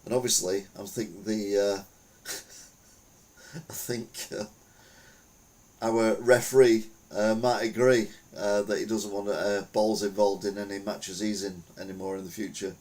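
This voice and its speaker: A man's voice: fairly low pitch, fairly even intonation, measured pace, darkish tone. A man hosting a podcast, chatting casually through the news with rambling, wry, self-mocking jokes. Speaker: podcast host.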